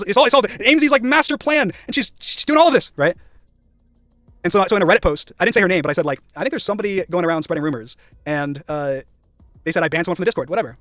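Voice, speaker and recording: A man's voice: fairly high pitch, a bit bright, no room sound, clean studio sound. A young man streaming, rambling and emphatic, swearing and acting out his past conversations. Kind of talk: casual live-stream rant.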